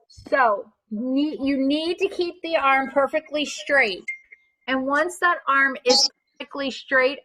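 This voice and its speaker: A woman teaching a fitness class, giving clear step-by-step cues with gentle reassurance. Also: sits high, low-quality recording. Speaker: fitness instructor. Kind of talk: guided exercise class instruction.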